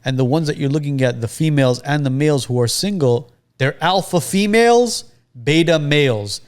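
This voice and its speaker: A man's voice: a little high, expressive, normal speed, clear, resonant tone. A man hosting a podcast, chatty and talking straight to his listeners. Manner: chatty, direct address to listeners. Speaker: podcast host. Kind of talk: casual podcast conversation.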